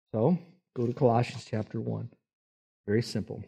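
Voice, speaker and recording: A man's voice: medium pitch, fairly even intonation, brisk, gravelly, mellow, slightly rough. Folksy, emphatic male preacher. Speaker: pastor. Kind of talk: sermon.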